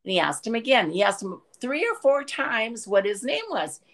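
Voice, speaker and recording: A woman's voice: fairly high pitch, very animated, moderate pace. A woman, the hosts' mother, chatting casually on a podcast and telling stories with fillers.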